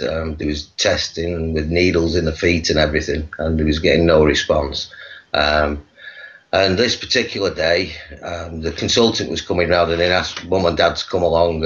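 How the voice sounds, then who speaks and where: A man from England, a guest on a video call, telling his life story in a halting way full of pauses. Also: sits low, fairly bright tone, highs cut off. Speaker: guest, activist.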